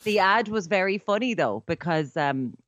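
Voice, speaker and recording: Lively, playful woman co-host. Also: fairly low pitch, normal speed, no echo, lo-fi sound. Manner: playful, jokey asides. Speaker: podcast co-host. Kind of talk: casual chat.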